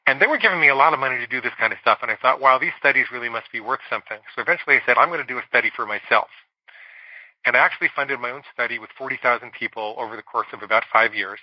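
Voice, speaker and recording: A middle-aged man, a psychologist guest on a podcast, telling a candid personal story and slowing down on words he wants to stress. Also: medium pitch, no echo, lo-fi sound. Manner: candid, confessional storytelling with slow emphatic stretches.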